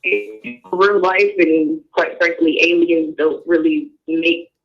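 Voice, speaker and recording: A man calling in to a talk show, speaking frankly and haltingly, with casual swearing. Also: on the high side, level tone, creaky. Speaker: caller. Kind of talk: casual call-in chat. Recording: muffled internet call with faint music.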